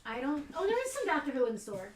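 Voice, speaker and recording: A woman's voice: high-pitched, huge pitch swings, fast talker, a little hiss or hum. A woman hosting a casual livestream giveaway from a toy store, chatty and giggly, with blunt outbursts. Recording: roomy echo, a bit far from the mic.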